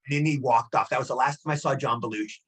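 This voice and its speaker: A man in his sixties, a guest actor telling rambling, animated anecdotes in a casual interview. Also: medium pitch, fast talker, breathy edge, rough recording. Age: 60s.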